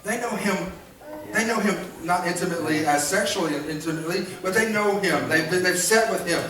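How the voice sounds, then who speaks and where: A man preaching a sermon as pastor, animated, acting out voices and calling on the congregation to respond. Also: high-pitched, a little fast, distant mic. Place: church sanctuary. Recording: echoey church hall, miked from afar.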